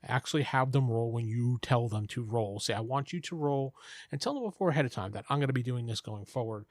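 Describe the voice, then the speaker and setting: A man's voice: mid-range voice, lively intonation, fast, no room sound. Male host, casual advice monologue, loose and rambling delivery, dry recording, mid-range voice. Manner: rambling and conversational. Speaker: podcast host giving game master advice. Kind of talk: casual monologue answering listener questions.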